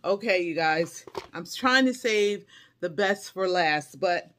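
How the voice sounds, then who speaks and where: Fairly low-pitched yet animated, this middle-aged woman speaks slowly with a slightly bright tone. She's a haul vlogger casually unboxing for viewers, gushing, effusive and breaking into delighted squeals while calling them y'all and honey.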